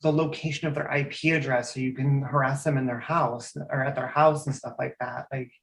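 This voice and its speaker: A woman's voice: rumbling low, fairly even intonation, brisk, gravelly, a little hiss or hum. A woman in her thirties from Eastern Oregon, a guest in a casual interview, speaking earnestly and restarting her sentences.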